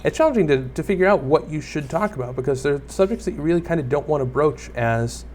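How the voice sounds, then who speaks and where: A man's voice: on the high side, expressive, quick pace, darkish tone, slight background noise. Rambling self-mocking man narrating gameplay. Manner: rambling, self-deprecating, talks to viewers and mobs. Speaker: gaming YouTuber. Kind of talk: casual Let's Play commentary.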